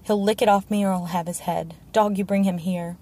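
A shouting, spoiled boy king barks furious commands in a raised, loud voice, as a woman reads him. The tone stays mellow and fairly flat underneath, even at full volume, in an audiobook reading. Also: medium pitch, brisk, natural voice.

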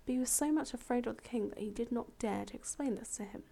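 Gravelly, mellow woman reading a fable. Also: a little high, fast. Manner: relaxed, chatty, self-correcting. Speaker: storyteller. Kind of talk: fable read aloud with casual asides.

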